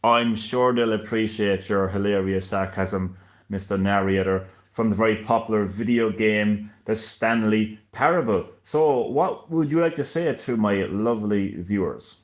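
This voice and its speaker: A man's voice: lowish voice, a little slow. A man hosting a gaming live stream in casual chat, hesitant and stammering, with frequent laughs.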